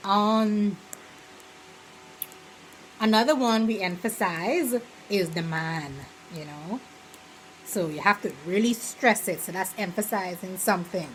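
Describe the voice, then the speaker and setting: A woman's voice: mid-range voice, slow, long pauses, a little hiss or hum, rough recording. Chatty Bahamian woman explaining sayings. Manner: chatty, rambling, full of "you know" fillers; slips into lively quoted examples. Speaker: vlogger. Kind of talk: casual explainer vlog.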